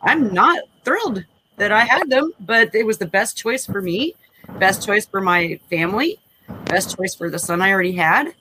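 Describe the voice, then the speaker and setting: Candid rambling woman, bright voice. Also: medium pitch, lively intonation, normal speed, slight background noise, low-quality recording. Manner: candid, rambling, frequent restarts. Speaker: panel guest. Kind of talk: casual discussion.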